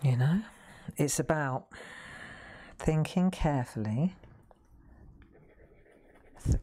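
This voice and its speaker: A woman's voice: low-pitched, animated, normal speed, a little mellow. A woman hosting a live craft demonstration, chatty, self-deprecating and reassuring as she paints. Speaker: craft host.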